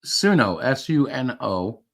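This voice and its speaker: A man's voice: mid-range voice, big pitch swings, vocal fry, a bit bright. A man hosting a live stream, chatting casually and rambling as he fiddles with his setup. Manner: rambling, halting, laughs while fiddling with tech. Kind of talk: casual chat.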